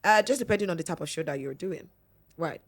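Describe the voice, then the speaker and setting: A woman with a Nigerian accent, a radio host talking as a podcast guest in an animated way. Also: on the low side, fast talker. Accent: Nigerian English. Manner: animated, acts out radio announcer voices. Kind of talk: casual podcast chat.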